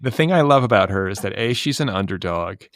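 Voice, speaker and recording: 50s guy hosting a podcast, lowish voice, dry close sound, rambly and easygoing. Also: brisk, dry recording. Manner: rambling, relaxed, lots of fillers. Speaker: podcast host. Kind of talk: casual chat.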